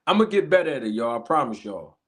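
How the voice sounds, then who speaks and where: A man hosting a live stream, chatting casually and giving animated shout-outs to viewers. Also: mid-range voice, fast talker. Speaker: livestream host.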